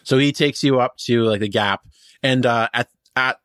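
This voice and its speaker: A man's voice: mid-range voice, normal speed, a bit bright, smooth, dry recording, studio quality. A man narrating a tabletop game as game master, describing scenes in a rambling way with many fillers.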